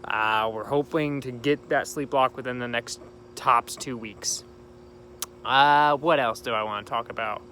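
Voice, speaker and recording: A man's voice: mid-range voice, fairly even intonation, unhurried, pushed and bright, a little hiss or hum. A young man hosting a gaming channel, talking casually and rambling cheerfully about a game while sitting outdoors at night. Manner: chatty, rambling and upbeat. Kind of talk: casual let's-play commentary.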